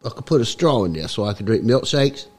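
A man's voice: fairly low pitch, lively intonation, quick pace, darkish tone. A man putting on a Cockney accent while telling a rambling tall tale with chuckles in a garage. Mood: joking.

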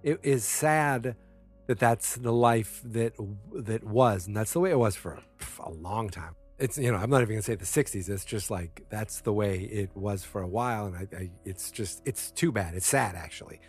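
A man with a somewhat low voice talks through a TV episode in a loose, rambling way. He stacks up fillers, corrects himself mid-sentence and drops blunt opinions without holding back. Faint music sits underneath his voice. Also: normal speed, a little mellow, slightly rough. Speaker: TV episode recapper. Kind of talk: casual spoken recap.

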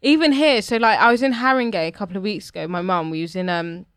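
A young woman from England, chatting casually and acting out quotes in lively voices as she tells stories. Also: medium pitch, fast talker, clear, resonant tone, dry recording, studio quality. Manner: animated storyteller, acts out quotes in lively voices. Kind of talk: casual chat.

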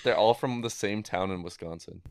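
A young man with an Upper Midwest American accent in a casual chat. He rambles and hesitates, and his fairly low voice is smooth and clear. The sound is close and dry. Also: normal speed, dry recording. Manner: rambling, hesitant, laughs at himself. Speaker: podcast co-host.

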